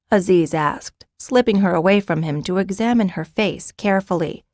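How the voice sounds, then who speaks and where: A scripted fantasy audiobook is read by a woman with a mid-range voice, her storytelling steady and measured. The sound is clean studio quality and dry.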